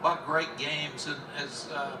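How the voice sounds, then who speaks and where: A man's voice: a little high, level tone, normal speed, recorded from a distance, noisy background. A man doing color commentary on a live college football game, chatty and appreciative. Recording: roomy broadcast audio with music.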